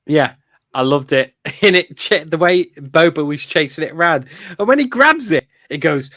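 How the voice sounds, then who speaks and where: A man's voice: a little high, expressive, normal speed, pushed and bright, no room sound, studio quality. A man co-hosting a podcast, chatting in an enthusiastic, rambling way with lots of fillers and laughs. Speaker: podcast co-host. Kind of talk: casual fan review chat.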